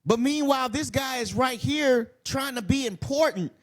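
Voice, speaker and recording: A wrestling commentary vlogger rants heatedly in a casual commentary video, swearing, rambling and repeating himself. His voice is extremely high-pitched and fairly bright, moving at normal speed.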